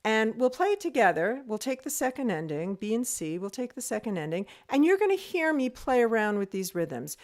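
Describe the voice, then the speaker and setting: Slow-spoken woman music teacher. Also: mid-range voice. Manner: thoughtful, with fillers, sings rhythms aloud. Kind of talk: online music lesson.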